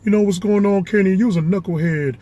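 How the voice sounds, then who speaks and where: A man's voice: high-pitched, brisk, warm tone. A man impersonating a blustery, ranting basketball pundit who keeps calling out to his co-host. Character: loud gruff male basketball pundit.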